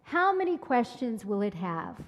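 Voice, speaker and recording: A woman's voice: a little high, sing-song, measured pace, big-room sound, lo-fi sound. A woman voicing a confident, self-assured young male student.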